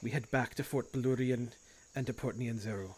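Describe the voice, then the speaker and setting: A man voicing a stern woman of faith who leads camp survivors, speaking in calm, firm declarations. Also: mid-range voice, a little fast, slightly rough, natural voice.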